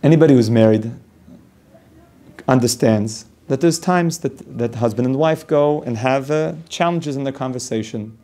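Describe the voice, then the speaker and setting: Brief: male rabbi, mid-pitched, teaching an informal class, explains through step-by-step examples. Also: normal speed, mellow. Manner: explanatory, builds points through long spoken examples, frequent restarts. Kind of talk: informal Torah class lecture.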